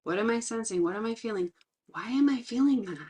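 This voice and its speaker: A woman's voice: fairly high pitch, a little mellow, husky. Earnest, reflective middle-aged woman trainer. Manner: reflective, earnest, slows down to stress key words. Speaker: resilience trainer. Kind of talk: personal talk with teaching.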